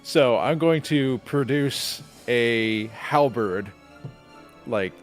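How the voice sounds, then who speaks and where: A man's voice: mid-range voice, very slow, soft background music. A man playing a tabletop game casually, laughing between lines. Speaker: player.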